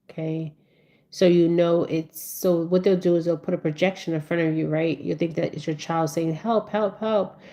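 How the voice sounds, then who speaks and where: Low flat-voiced woman with many "okay?"s. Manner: rambling, repeats "okay?" often. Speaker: spiritual speaker. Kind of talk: casual monologue.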